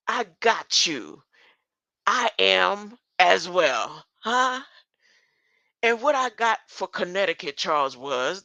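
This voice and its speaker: A woman's voice: mid-range voice, pushed and bright, no echo. An older woman talking in a rambling monologue, often stopping to ask "huh?" and chuckling between thoughts. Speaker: online commentator.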